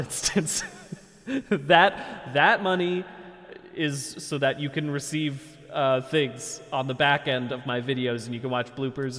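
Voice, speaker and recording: A man streaming live, chatting casually to his audience, animated and self-mocking, and often laughing. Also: mid-range voice.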